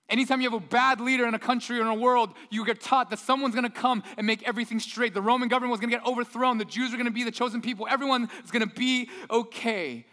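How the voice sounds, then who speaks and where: Animated man preaching in a reverberant hall. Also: extremely high pitch. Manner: animated storyteller, acts out quotes. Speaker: pastor. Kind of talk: sermon.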